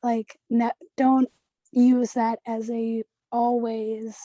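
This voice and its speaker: A young woman with a sore throat talking in a monotone, chatting casually as a student on a group video call. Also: a little high, slow, no echo.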